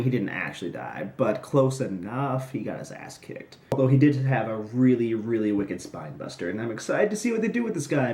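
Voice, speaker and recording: A man's voice: mid-range voice, darkish tone. Snarky rambling young man, echoey room. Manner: snarky, rambling, jokey asides. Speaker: wrestling recap host. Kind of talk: casual solo recap commentary.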